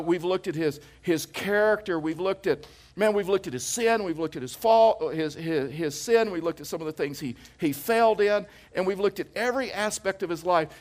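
A middle-aged man preaching to his congregation with a fairly high voice. He keeps it conversational, building points through repetition. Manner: conversational, anecdotal preaching with jokes; emphatic, repeats phrases for effect. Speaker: pastor. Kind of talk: sermon.

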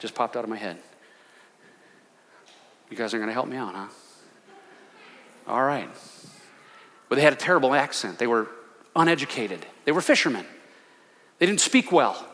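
A male senior pastor preaching a sermon with passion, swinging between loud, fervent declarations and hushed asides. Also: a little high, big-room sound. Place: church sanctuary.

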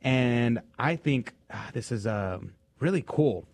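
Slow and expressive, a radio host's mid-range voice sounds a little mellow, captured close and dry with no room sound. He keeps it loose and conversational, with plenty of fillers and restarts.

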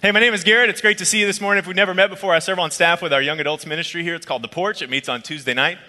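A man preaching a sermon as a pastor, telling a personal story in a conversational, lively way. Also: high-pitched, very fast, long reverb tail. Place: church auditorium.

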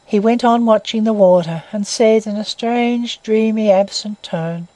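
A woman reading a classic novel aloud as narrator in a measured, even way. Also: mid-range voice, no echo, low-quality recording.

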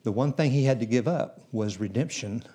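A man's voice: medium pitch, normal speed, mellow, husky. A man preaching a sermon in a church, telling Bible stories in a folksy way and acting out the characters. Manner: folksy storytelling, acts out biblical characters.

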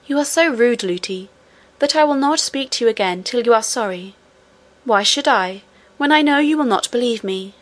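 A woman voicing a calm, stubborn little girl princess who speaks quietly and firmly. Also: on the high side, normal speed, lightly acted. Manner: quiet and composed.

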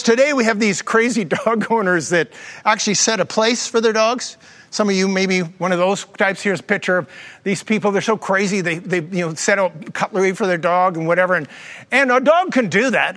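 A man preaching a sermon as pastor, mixing jokes and stories into his teaching. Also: high-pitched. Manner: jokey storytelling preacher, lively asides.

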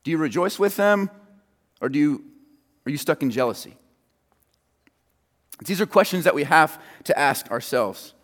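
Lively, joking man preaching a sermon. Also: a little high, normal speed, pauses often, big-room sound. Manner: casual, joking and conversational with the audience.

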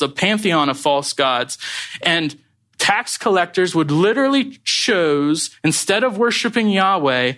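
A young man preaching a sermon, speaking straight to his listeners in an earnest, pressing way. His voice sits a little higher than most men's, and he leans into key points with rising emphasis. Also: fairly bright tone. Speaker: pastor.

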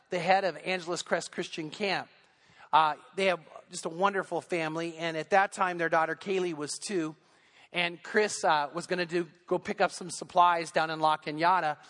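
Male pastor, high voice, earnest storytelling sermon, long church reverb. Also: a bit bright. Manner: earnest storytelling, building intensity. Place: church sanctuary.

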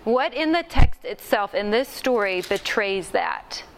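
In a meeting room, a woman with a mid-range voice and lively intonation teaches a Bible study training workshop at an unhurried pace. She talks conversationally to the group and acts out quoted lines, with a little hiss or hum in the background.

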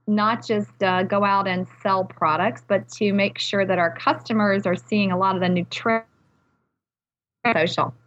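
A woman's voice: medium pitch, fairly even intonation, measured pace, a bit bright, lo-fi sound. A woman executive being interviewed on a podcast, upbeat and fluent in a corporate speaking manner. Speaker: technology executive guest.

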